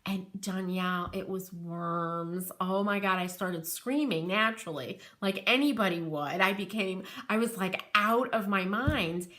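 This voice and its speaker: Bright-voiced chatty American craft host. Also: female voice, medium pitch, measured pace, few pauses. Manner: chatty, rambling, reads out viewer comments. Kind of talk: live crafting stream, chatting with viewers.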